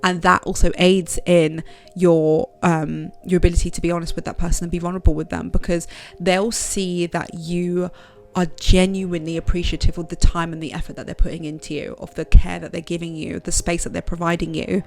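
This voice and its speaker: A woman's voice: on the low side, level tone, fairly quick, darkish tone. A woman giving frank, direct motivational advice to her viewers in a casual vlog. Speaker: self-help vlogger. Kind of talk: motivational talk to camera.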